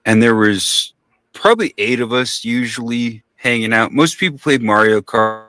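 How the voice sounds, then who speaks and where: Guy rambling thru a wild story, swears a lot, bright voice, dry close mic. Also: medium pitch, moderate pace, no room sound. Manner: rambling, profane, acts out quoted voices. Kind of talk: casual podcast storytelling.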